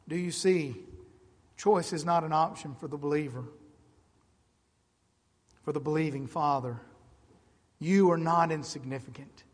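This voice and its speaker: A middle-aged male pastor preaching with passion, easing down into quiet, measured stretches and then swelling into loud, emphatic appeals. His voice sits a touch high for a man. It carries a long reverb through a large church sanctuary. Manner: impassioned, building from quiet to loud emphatic calls. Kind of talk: sermon.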